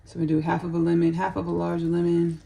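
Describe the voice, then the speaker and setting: A woman's voice: on the low side, monotone, fast talker, gravelly, warm tone. A woman who hosts a home cooking vlog. She talks casually and rambles, drifting into spiritual asides as she cooks in her kitchen. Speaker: home cook vlogger.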